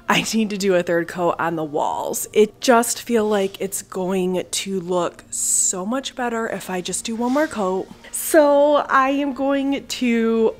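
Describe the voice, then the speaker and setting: A woman in her thirties chatting casually and rambling upbeat about painting her living room, speaking to a camera mic in her home. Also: medium pitch. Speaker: home renovation vlogger. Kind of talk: casual vlog chat.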